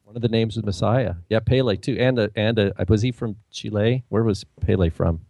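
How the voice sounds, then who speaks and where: A man's voice: on the low side, fairly quick, gravelly, mellow, dry recording. A man co-hosting an online radio show, making dry, matter-of-fact quips in casual chat. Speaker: co-host presenting a segment.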